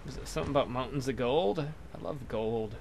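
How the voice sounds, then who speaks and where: A man's voice: medium pitch, brisk, gravelly, a little mellow, a little hiss or hum. A young man casually commentating as he plays a game, crude and joking, trash-talking the enemy ships. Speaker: let's play commentator.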